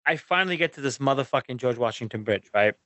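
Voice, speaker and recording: A man telling a road trip story in casual podcast chat, animated and swearing, acting out his own rants. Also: medium pitch, fast, no echo.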